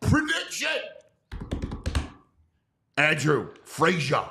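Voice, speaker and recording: Lively high-voiced sports host man. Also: very slow, vocal fry, slight background noise. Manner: enthusiastic, lively, leads the segment. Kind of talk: casual sports talk show.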